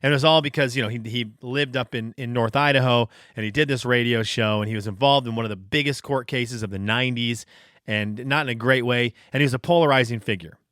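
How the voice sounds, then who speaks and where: A man hosting his own podcast, telling stories in a casual, animated, self-deprecating way. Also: mid-range voice, quick pace, no room sound, studio quality. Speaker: podcast host. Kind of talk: casual storytelling monologue.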